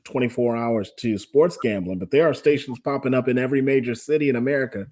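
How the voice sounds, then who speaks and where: A man from the Midwest, a radio sales director, explaining things in a measured, informative way during an interview. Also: medium pitch, darkish tone. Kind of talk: interview conversation.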